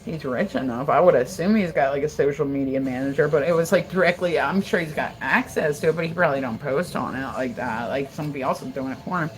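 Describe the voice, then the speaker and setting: A woman's voice: low-pitched, quick pace, hardly any pauses, rough recording. A woman from Delaware hosting a casual livestream, rambling and swearing as she talks. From Delaware, USA. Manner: profane, rambling, animated. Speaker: livestream host.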